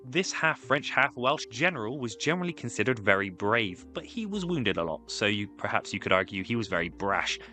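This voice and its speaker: A man's voice: on the low side, sing-song, a little fast, few pauses, bright, forceful tone, soft background music. A man giving scripted, comedic history narration with wry, sarcastic asides.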